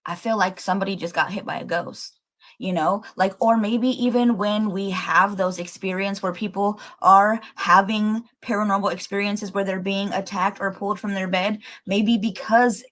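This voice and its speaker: A woman hosting a casual livestream, rambling excitedly with lots of fillers and the odd swear as she thinks aloud to her viewers. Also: medium pitch, moderate pace. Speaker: livestream host.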